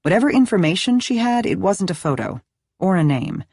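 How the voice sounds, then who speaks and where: A woman narrating a thriller audiobook in an expressive, dramatic reading style. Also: medium pitch, fairly quick, breathy edge, no room sound, studio quality. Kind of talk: scripted narration.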